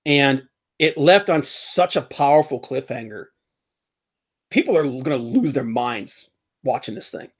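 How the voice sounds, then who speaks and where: A man hosting a casual pop-culture podcast, rambling and animated, often laughing as he mocks what he talks about. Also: mid-range voice, measured pace, slightly rough. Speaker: podcast host.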